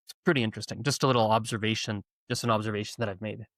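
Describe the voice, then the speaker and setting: A man from Canada, a podcast guest telling stories in a lively, self-correcting way. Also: fairly low pitch, racing, dry recording. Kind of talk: conversational storytelling.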